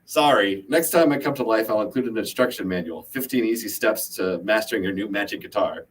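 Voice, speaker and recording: A man's voice: lowish voice, fairly quick, recorded from a distance, a little hiss or hum, close to an everyday voice. A man voicing a sarcastic enchanted talking guitar, dry and snippy in manner.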